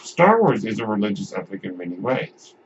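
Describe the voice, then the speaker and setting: A man's voice: on the low side, very animated, brisk. A man hosting a podcast, talking casually about films in a rambling way, often restarting his sentences. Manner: rambling, with frequent restarts and asides. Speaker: podcast host. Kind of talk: casual film commentary. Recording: dull lo-fi audio with faint noise.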